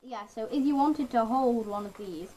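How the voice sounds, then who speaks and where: A woman vlogger at home casually showing and explaining her pet toad in a halting, rambling way with many restarts. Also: on the high side, dark tone, poor audio. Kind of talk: casual show-and-tell.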